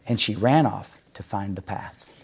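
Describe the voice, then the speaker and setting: A male storyteller reads a children's tale aloud, gentle and expressive. His low voice has a gravelly edge, and he takes his time over every line. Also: measured pace.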